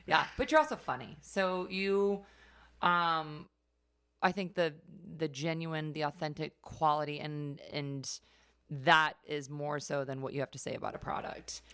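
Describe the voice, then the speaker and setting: A woman with a low voice hosts a casual podcast chat. She is chatty and blunt, swearing easily and filling the talk with "like" and quick affirmations. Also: fairly bright tone, clean tone. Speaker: podcast host.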